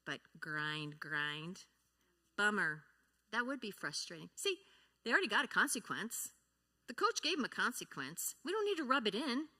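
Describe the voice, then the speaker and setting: A woman with a mid-range voice that's pushed and bright speaks at a moderate pace, very animated, giving a teaching talk at a church. She discusses feelings and grief, frequently asking the congregation questions and acting out example responses.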